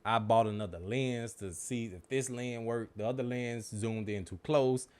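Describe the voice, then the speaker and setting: A man hosting his own podcast, talking in a relaxed, conversational way with casual slang, recorded on a studio mic in a home room. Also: medium pitch, normal speed, clean tone. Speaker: podcast host. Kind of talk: casual solo podcast talk. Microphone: studio microphone.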